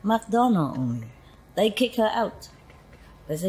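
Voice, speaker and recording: Husky-voiced woman teacher, chatty storytelling. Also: mid-range voice, very animated, measured pace, a little mellow, poor audio. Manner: chatty storytelling, frequent laughter, asides like "you know". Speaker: spiritual teacher. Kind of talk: informal talk to followers.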